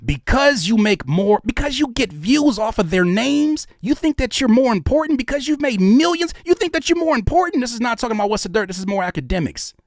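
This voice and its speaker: A man's voice: extremely high pitch, sing-song, a little fast, few pauses, no room sound, studio quality. A man in his thirties giving heated, preachy reaction commentary on video clips, swearing freely.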